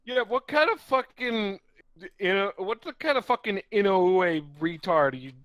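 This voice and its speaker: High, bright-voiced man joking on a stream. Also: animated, unhurried, no room sound. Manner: joking, profane, stumbling restarts. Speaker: co-host on a stream. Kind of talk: casual stream chat.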